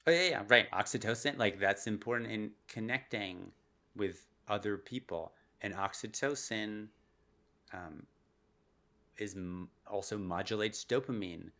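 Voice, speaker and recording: A man being interviewed on a podcast as a neuroscientist, explaining in an animated way and laughing often. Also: lowish voice, unhurried. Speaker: guest neuroscientist.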